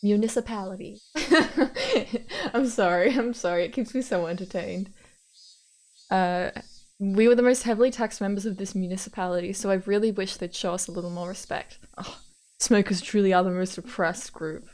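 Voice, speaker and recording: A woman streamer reads the game's text aloud at an even, mid-range pitch, slipping into casual, giggly asides between passages. Her tone is playful and unhurried, with easy repetitions and laughs folded into the narration. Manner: giggly, repeats words playfully. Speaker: streamer reading a visual novel aloud.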